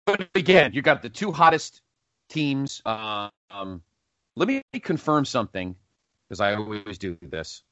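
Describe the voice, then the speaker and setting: Man, podcast host, lively up-and-down pitch, dry close sound, a bit muffled, rambling. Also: unhurried, dry recording. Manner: rambling, self-correcting, animated. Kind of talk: casual wrestling podcast countdown.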